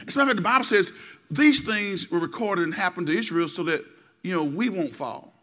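A middle-aged male pastor preaching a sermon, repeating phrases and calling for responses, swinging from low asides to loud exhortation. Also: expressive, a little fast. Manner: repetitive, call-and-response preaching.

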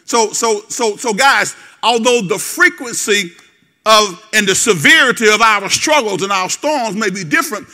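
A man preaching a call-and-response sermon, folksy and direct with the congregation, repeating words and building to shouts. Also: sits high, animated, normal speed. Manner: folksy, talks straight to the congregation. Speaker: pastor.

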